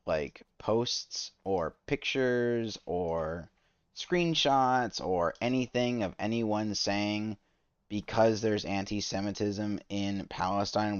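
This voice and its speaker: Over a dry, slightly dull lo-fi mic, a gamer with a smooth, lowish voice streams his play. His live reaction commentary is casual, exasperated, and rambling, with frequent restarts.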